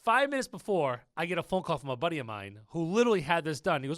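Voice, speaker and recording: A man hosting a business podcast, chatty and animated, telling stories straight to his listeners. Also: a little high, quick pace, few pauses, no echo, studio quality. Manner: chatty, storytelling, addresses listeners as folks. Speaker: podcast host. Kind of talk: casual business podcast chat.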